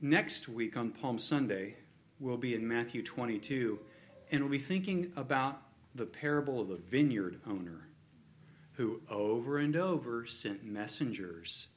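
A man's voice: medium pitch, lively intonation, measured pace, a little hiss or hum. A man preaching a sermon, earnest and repetitive, building emphasis on key points. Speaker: pastor.

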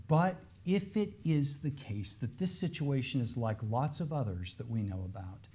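A man with a medium-pitched voice preaches a sermon earnestly, dropping into hushed lines before rising into raised, pleading emphasis.

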